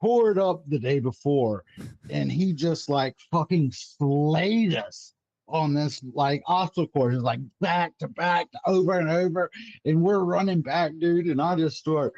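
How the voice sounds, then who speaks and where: A man's voice: fairly high pitch, a little slow, darkish tone, no echo, lo-fi sound. A young man, a former Marine, swapping profane, laughing war stories in a casual chat.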